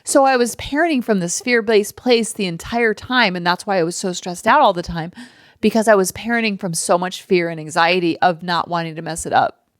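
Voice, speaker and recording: A woman in her thirties hosting a podcast, talking candidly and emotionally in a casual personal monologue with quick asides. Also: fairly low pitch, dry recording, clean studio sound. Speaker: podcast host.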